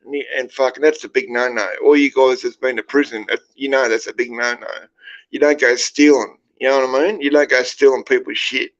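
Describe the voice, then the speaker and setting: A man's voice: medium pitch, fairly even intonation, brisk, highs cut off. An Australian man hosting a livestream, telling prison stories to his chat in a rambling, foul-mouthed way and constantly tagging his sentences with "right?". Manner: heavy swearing, rambling, keeps checking in with "right?". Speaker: livestream host. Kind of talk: casual storytelling to a live chat.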